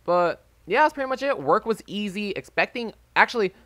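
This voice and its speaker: A man's voice: high voice, expressive, brisk, pushed and bright, no echo. A man in his early twenties telling a loose, rambling story over gameplay, full of "like" and "um". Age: early 20s. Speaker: gaming YouTuber. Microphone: desk microphone with a phone as backup.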